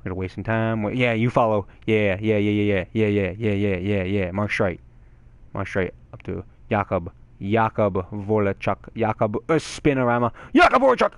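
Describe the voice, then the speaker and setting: A young man giving excitable gameplay commentary, swearing and yelling at the game. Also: fairly low pitch, normal speed, smooth, dry recording. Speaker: gaming channel host.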